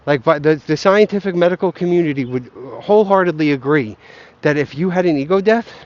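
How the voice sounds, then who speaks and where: A man's voice: on the high side, fairly quick. A young man ranting casually outdoors, swearing often and rambling between half-formed thoughts. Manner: profane, rambling, self-doubting. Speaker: vlogger. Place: outdoors, near geese. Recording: muffled lo-fi recording.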